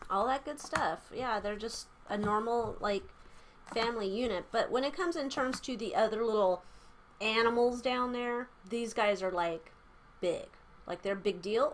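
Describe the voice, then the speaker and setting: Woman, mid-pitched, casual tarot reader who rambles and swears lightly; faint ambient noise behind. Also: a bit bright. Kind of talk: casual tarot reading chat.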